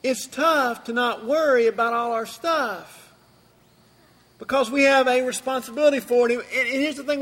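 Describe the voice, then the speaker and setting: Guy preaching a sermon, bright forceful voice, hammers his points over and over, echoey church. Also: extremely high pitch, normal speed. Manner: emphatic, repeats phrases for effect. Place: church sanctuary. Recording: long reverb from a church hall.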